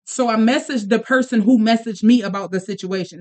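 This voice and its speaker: A woman in her thirties, a podcast host and mother, telling a story in casual chat with quick bursts, restarts and asides. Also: medium pitch, darkish tone.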